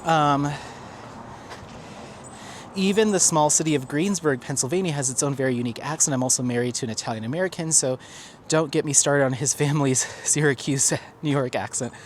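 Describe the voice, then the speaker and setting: A man's voice: fairly high pitch, a little fast, slight background noise. Rambling man vlogging on a dog walk. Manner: rambling and chatty, many fillers and restarts; talking while walking a dog. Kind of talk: casual chat, reading viewer comments aloud. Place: outdoors on a neighborhood street.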